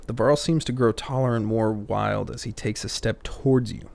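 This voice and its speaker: A man's voice: medium pitch, animated, moderate pace, gravelly, hardly any pauses, a little mellow. A man playing through a story game, reading the dialogue aloud and cutting in with crude, joking asides. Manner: reads game dialogue, breaks off with crude jokes and muttered asides. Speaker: let's play host reading game text.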